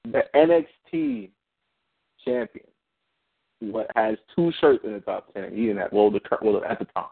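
A man's voice: lowish voice, moderate pace, breathy edge. A man co-hosting a wrestling podcast, talking casually and ranting with some swearing. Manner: animated, ranting, profane. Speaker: podcast co-host. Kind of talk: casual chat. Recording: dry tinny phone-like sound.

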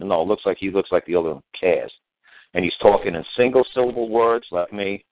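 A man's voice: low voice, a little fast, no echo. An older man hosting a radio show, talking in a plain, blunt, repetitive, folksy way over a tinny phone-line sound. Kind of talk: casual talk radio chat.

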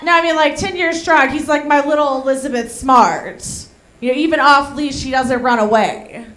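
A woman's voice: high voice, moderate pace, a bit bright, echoey room. A woman doing a crude, blunt stand-up comedy set in a bar, laughing through her own jokes. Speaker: stand-up comic. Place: bar stage.

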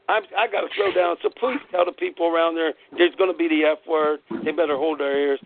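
Angry guy ranting on his radio show, cussing a lot, gravelly voice, dry phone-line sound. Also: a little high, fairly even intonation, fast talker, few pauses, no room sound. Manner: fired-up, profane, shouting bursts. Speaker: internet radio host. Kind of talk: angry political rant.

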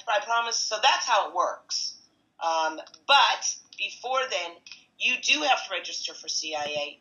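A woman who organizes tickets for a supporters' club, telling stories in a chatty, animated podcast style. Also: medium pitch, highs cut off. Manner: chatty, animated, retells conversations with asides. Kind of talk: casual podcast storytelling.

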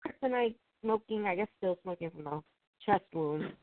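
Comic book reviewer, rambling casual recap, reads dialogue flatly, tinny narrow sound. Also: mid-range voice, normal speed, dry recording. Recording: tinny, dry phone-like sound.

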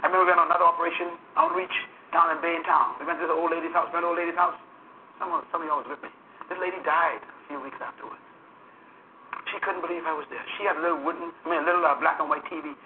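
A man's voice: on the high side, racing. Male pastor, emphatic sermon, tinny lo-fi line with faint hiss. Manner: preaching with rising, emphatic calls to the congregation. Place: church.

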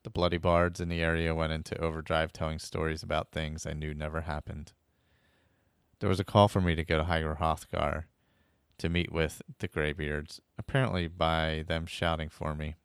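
Very deep-voiced man telling a story. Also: flat delivery, moderate pace, clean tone, no room sound, clean studio sound. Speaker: podcast storyteller. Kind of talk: first-person storytelling narration.

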